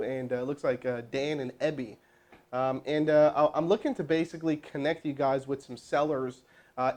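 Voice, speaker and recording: A man hosting a live stream, teaching cold calling and rallying viewers in the chat in a loud, animated way. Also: a little high. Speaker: host doing live sales calls.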